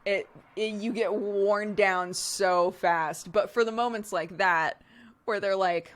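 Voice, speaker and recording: A woman with a medium-pitched, fairly even voice speaks slowly as she hosts a live stream. She chats casually and frankly, laughing often and swearing now and then.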